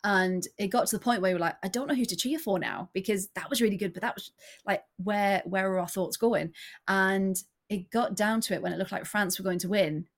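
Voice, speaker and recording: A woman co-hosting a casual sports podcast, excitable and quick to laugh. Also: mid-range voice. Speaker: podcast co-host.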